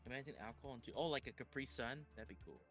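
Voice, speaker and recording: A man's voice: medium pitch, very fast, fairly bright tone, soft background music. A man hosting a reaction stream, talking casually and swearing freely while telling stories.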